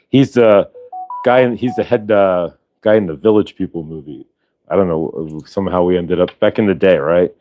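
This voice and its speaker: A man hosting a morning show in a loose, rambling way, circling back and restarting his sentences. His voice sits on the low side and sounds close and dry, with almost no room around it. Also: a little mellow, no echo. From Ohio, US. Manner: rambling, with many restarts and tangents. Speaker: host. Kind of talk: casual chat.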